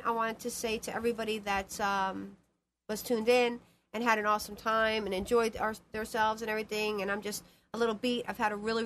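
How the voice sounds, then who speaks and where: A woman psychic medium hosting a live call-in show, her voice sitting a bit high. She rambles and pushes her points, repeating herself often. A faint hiss lies under her speech. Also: a bit bright. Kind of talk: casual live call-in chat.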